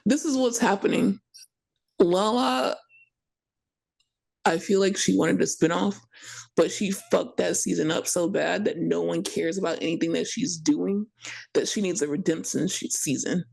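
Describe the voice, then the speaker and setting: A woman co-hosts a casual gossip podcast in a gravelly, husky voice. She gives fast, opinionated takes full of asides and blunt swearing. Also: fairly low pitch, a little mellow. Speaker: podcast co-host.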